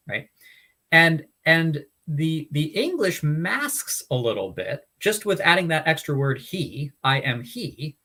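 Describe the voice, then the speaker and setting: A man's voice: mid-range voice, a bit bright. A man hosting a Bible study talk, explaining in an earnest, casual way with frequent restarts and fillers. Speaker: Bible study podcast host. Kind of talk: casual teaching chat.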